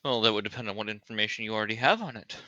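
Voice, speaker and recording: A man plays in a tabletop game, speaking plainly as he haggles in character. His voice is bright and forceful, and the dry sound puts him close to the mic. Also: on the low side, rapid-fire, no room sound, highs cut off. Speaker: player.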